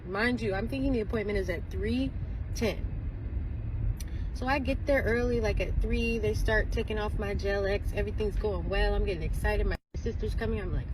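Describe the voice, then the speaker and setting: A woman's voice: medium pitch, moderate pace, slight background noise, poor audio. A young woman chattily recounting a story, peppered with "like" and quoted exchanges. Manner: chatty, tells it with lots of "like" and quoted dialogue. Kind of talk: casual storytelling in a clip.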